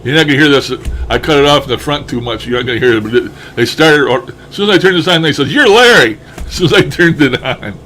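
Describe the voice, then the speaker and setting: A man talks loosely and thinks out loud, laughing to himself as he goes, with a mild curse here and there. His voice sits in a middling pitch, with a faint hiss of noise underneath. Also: fast. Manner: chuckling, musing, mildly profane. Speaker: paranormal enthusiast reviewing his recordings. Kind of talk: casual commentary over playback.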